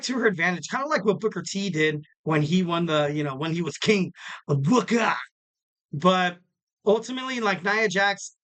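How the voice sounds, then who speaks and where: A man hosts a casual solo podcast, rambling through his points with frequent fillers and restarts. His voice sits a bit high and rings bright and forward. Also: smooth. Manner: rambling, full of fillers and self-corrections. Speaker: podcast host.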